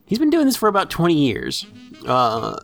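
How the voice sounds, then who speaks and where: Casual man spinning a comic story, quite lively, a touch high, guitar music faint behind. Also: moderate pace, creaky. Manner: animated, swearing, laughs often. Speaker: podcast co-host.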